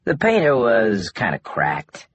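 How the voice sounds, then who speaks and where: A man voicing a wry, easygoing young man in an audiobook, in a husky, laid-back joking manner. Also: mid-range voice, wildly swooping pitch, slow, no echo, voice pushed up, full character voice. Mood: relaxed, wry. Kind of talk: audiobook dialogue.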